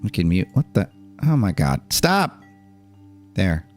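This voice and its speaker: A man's voice: low-pitched, big pitch swings, takes it slowly, faint music behind. A man streamer reading an article aloud on a live stream, with casual asides and laughs in between.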